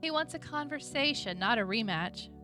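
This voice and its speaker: A woman's voice: sits high, animated, moderate pace, pushed and bright, faint music behind. A woman reading the part of a charming young king in a podcast read-through, in an easy, wry tone.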